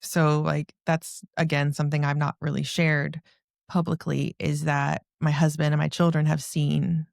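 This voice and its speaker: A woman's voice: sits low, little pitch movement, moderate pace, vocal fry, no room sound, studio quality. A woman, a podcast guest, telling a personal story emotionally, with many "like" fillers and a racing, breathless manner.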